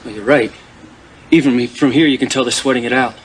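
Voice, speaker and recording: An actor playing a desperate sibling who speaks in an anguished, pleading way. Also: male voice, medium pitch, fairly even intonation, fast, slight background noise, lightly acted. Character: desperate adult sibling fearing for a sister.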